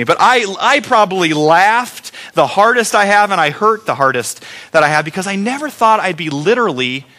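A middle-aged male pastor preaching a sermon, telling stories with acted-out sounds and quoted replies. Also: high-pitched. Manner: animated storytelling, acts out sounds and quoted replies.

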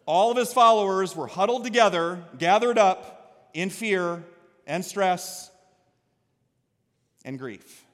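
A man preaching a sermon as pastor, energetic, swinging from quiet storytelling to loud exhortation. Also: on the high side. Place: church sanctuary. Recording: long reverb of a church hall.

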